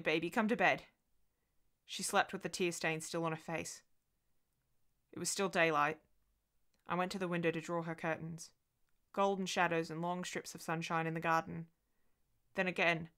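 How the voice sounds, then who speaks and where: A woman reading a ghost story aloud in an expressive way and voicing the dialogue herself. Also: lowish voice, smooth.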